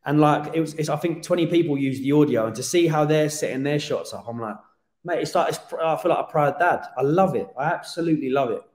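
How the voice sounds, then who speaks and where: Lively guy, swears casually. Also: on the high side, fast talker. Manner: animated, swears casually, restarts often. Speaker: podcast guest. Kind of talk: casual interview chat. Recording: roomy podcast room.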